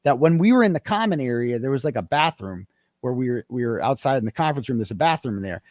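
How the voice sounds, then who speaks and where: A man, a guest in an interview, telling a story in a casual, animated way and acting out the quoted dialogue. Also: medium pitch, fast talker, no echo, studio quality.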